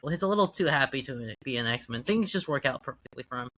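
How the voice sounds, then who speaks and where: A podcast co-host with a bright, tense tone throws in quick jokes while chatting about comics. The voice is recorded close and dry. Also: medium pitch, animated, dry recording. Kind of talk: casual comic book chat.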